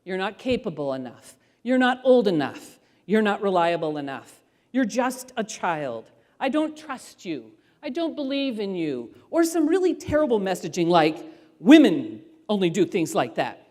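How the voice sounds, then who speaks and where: A middle-aged woman speaker telling parenting stories to an audience, animated and acting out voices as she goes. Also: medium pitch, moderate pace. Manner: animated storyteller who acts out voices. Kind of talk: storytelling talk to an audience. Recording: long hall reverb.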